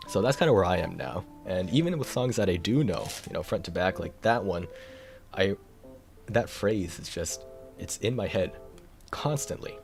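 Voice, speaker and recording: Deep-voiced tired male streamer. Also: a little mellow. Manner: rambling, self-deprecating, laughs often. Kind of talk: casual live-stream chat.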